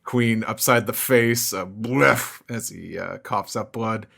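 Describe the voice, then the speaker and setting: Gravelly, chuckling male podcast host. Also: lowish voice, a bit bright. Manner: chuckling, halting, lots of fillers. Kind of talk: casual comic recap.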